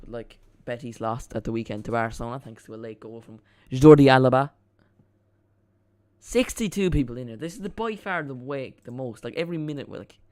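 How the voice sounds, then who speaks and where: A man's voice: mid-range voice, a little mellow. A man hosting a live football watchalong stream, chatting casually and rambling as he reacts to the chat and the match.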